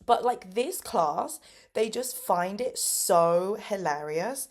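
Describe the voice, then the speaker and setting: An English woman in her twenties, a teacher turned vlogger, chats casually about her teaching days, recorded on a phone camera. Her intonation is lively and her pace slow, and she's upbeat with plenty of fillers, acting out kids' voices with big jumps in pitch.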